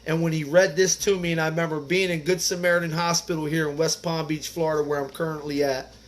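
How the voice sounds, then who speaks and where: High-voiced earnest man reading aloud. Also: little pitch movement, fast talker. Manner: casual and earnest, drops in "man" and "like". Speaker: recovery speaker reading the Big Book. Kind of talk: reading aloud with personal commentary.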